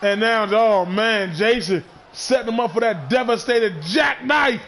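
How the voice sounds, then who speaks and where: Guy with a really high voice yelling wrestling play by play, excitable, faint noise behind. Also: a little slow, a faint crowd. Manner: excitable, shouting calls, frequent restarts. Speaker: wrestling commentator. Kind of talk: play-by-play commentary.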